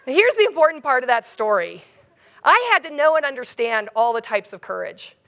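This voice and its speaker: A woman keynote speaker tells a funny personal story with plenty of energy, mocking herself in an animated, brisk delivery. Her high, bright voice jumps around in pitch, and there's a little hiss or hum.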